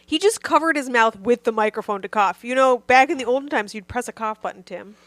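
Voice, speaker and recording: A woman's voice: fairly high pitch, a little fast, a bit bright, no echo. A woman co-hosting a podcast, trading profane, teasing banter and scolding her co-host while laughing. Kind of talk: casual crude banter.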